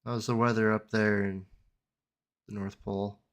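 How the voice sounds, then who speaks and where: A man hosting a gaming debrief in casual chat, relaxed and joking, humming to himself between remarks. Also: on the low side, moderate pace.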